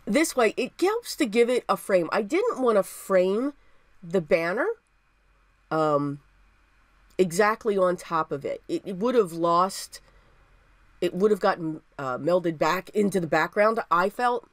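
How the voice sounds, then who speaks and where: An upbeat woman talks through a crafting tutorial in a chatty way, circling back to repeat her points. Her voice sits a little low for a woman. The sound is dry, with no room echo. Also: animated, unhurried. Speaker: papercraft video host.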